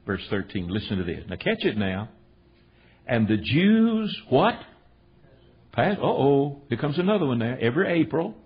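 A man's voice: medium pitch, very animated, a little fast, hardly any pauses, breathy edge, highs cut off. A middle-aged man preaching a storytelling sermon, retelling stories in a folksy, emphatic way and teaching from the Bible.

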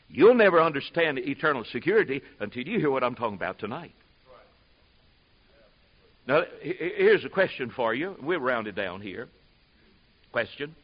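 A man preaching a sermon in a folksy way, building to loud, emphatic preaching. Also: mid-range voice. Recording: muffled lo-fi sermon recording.

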